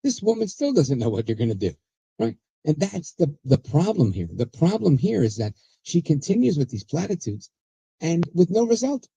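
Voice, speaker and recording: A man's voice: on the high side, big pitch swings, moderate pace, vocal fry, mellow, breathy edge, no room sound, rough recording. A man hosting a political talk show, chatty and sarcastic, rambling with restarts. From USA. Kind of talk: casual political commentary.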